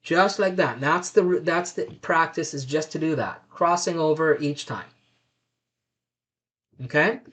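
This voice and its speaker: A man's voice: a little high, unhurried, pauses often, fairly bright tone. A man leading a live online self-development class over a webcam, guiding exercises and repeating affirmations aloud.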